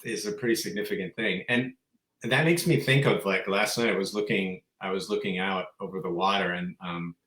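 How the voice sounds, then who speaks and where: A man co-hosting a live spiritual Q&A, telling stories with enthusiasm and sometimes dropping to a soft voice. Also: deep voice, brisk, roomy sound. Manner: enthusiastic storyteller, soft-spoken at times. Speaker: co-host. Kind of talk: live Q&A chat.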